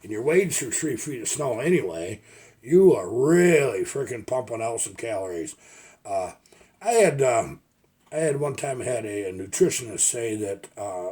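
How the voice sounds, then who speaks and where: A man's voice: fairly low pitch, animated, moderate pace, mellow, husky. An older man, a logger turned video maker, telling rambling folksy stories in a casual vlog. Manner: rambling folksy storytelling with restarts. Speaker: retired logger vlogger.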